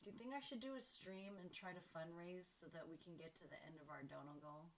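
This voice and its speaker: A woman's voice: on the low side, quick pace, slight background noise. Chatty woman live-streaming from home. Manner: chatty and playful, laughing at herself. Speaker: livestream piano host. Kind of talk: casual chat with livestream viewers. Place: room at home. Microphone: studio microphone at varying distance.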